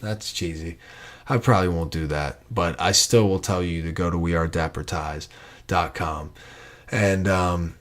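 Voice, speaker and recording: A man's voice: low-pitched, a little slow, fairly bright tone. A young man hosting a podcast, rambling and joking through sponsor reads. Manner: rambling, joking, self-mocking. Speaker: podcast host. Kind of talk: casual podcast talk and ad reads.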